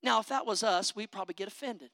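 A preacher delivering an impassioned sermon, calling out for amens and swinging between loud declarations and low conversational asides. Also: fast talker, no echo.

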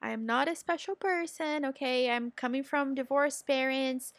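A woman's voice: high voice, moderate pace, no room sound. Upbeat woman podcast host. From Brazil. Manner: energetic, encouraging, talks straight to listeners. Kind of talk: motivational business podcast.

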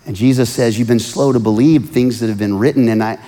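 A man preaching a sermon, swinging from hushed, earnest lines to loud pleading outbursts. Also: mid-range voice, fairly even intonation, a little fast. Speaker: pastor.

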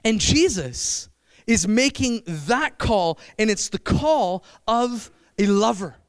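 High-voiced young man preaching a sermon. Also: slow, smooth, no echo. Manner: animated, addresses the congregation with questions.

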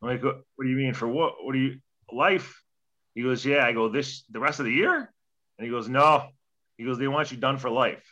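Bright-voiced, profane young man storyteller. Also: medium pitch, a little fast, dull audio. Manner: profane, rambling, animated retelling with quoted dialogue. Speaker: guest, former hockey player. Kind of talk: casual storytelling interview.

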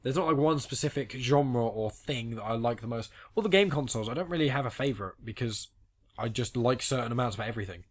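A man's voice: mid-range voice, lively intonation, quick pace. A man co-hosting a podcast in casual chat, explaining his reasoning at length and teasing his friend. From England. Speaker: podcast co-host.

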